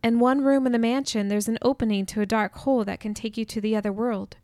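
A contrite, soft-spoken man pleading for forgiveness in a storybook reading, as the woman narrating puts him on. His voice is subdued and sits a little high. The recording is dry and close. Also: steady tone, fast talker, dry recording, lightly acted. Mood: remorseful. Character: remorseful adult man, gentle, pleading.

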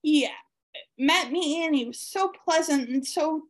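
A woman with a high voice tells a personal story at an unhurried pace. She talks warmly and eagerly, with plenty of ums and uhs, as an author being interviewed. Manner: warm, excited storyteller with frequent fillers. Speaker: author guest.

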